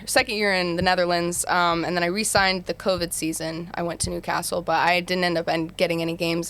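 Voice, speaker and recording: American woman, 20s, podcast guest, slightly low voice, laughs easily. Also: a bit bright. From Utah, USA. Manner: chatty storyteller, laughs easily. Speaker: guest basketball player. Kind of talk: casual podcast chat.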